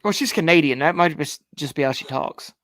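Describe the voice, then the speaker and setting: Man, co-host, relaxed, hesitant, casual chat, somewhat high voice. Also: brisk, no echo, faint music behind. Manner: laid-back, hesitant, chuckling.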